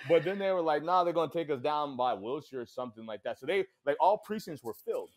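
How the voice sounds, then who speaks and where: A man, a comedian guesting on a podcast, telling a profane, animated story in casual chat. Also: on the high side, fast.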